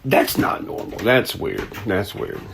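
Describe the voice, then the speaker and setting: A man's voice: on the low side, animated, a little slow, creaky, background noise. A man ranting casually in a vlog, profane, laid-back and rambling. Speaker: content creator.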